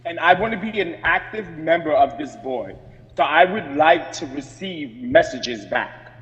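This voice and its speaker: A man with a fairly high voice presses his complaint over a video call, aggrieved and insistent, stopping and restarting as he goes. His audio comes through dull and muffled, with a long reverberant tail. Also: animated, measured pace, a bit bright. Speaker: community board member. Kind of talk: remote meeting remarks.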